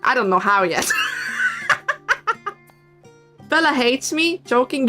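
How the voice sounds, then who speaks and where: A woman's voice: sits high, expressive, takes it slowly, pauses often, music in the background. A woman streamer chatting casually with her viewers in a giggly, playful, teasing manner. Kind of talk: casual live-stream chat.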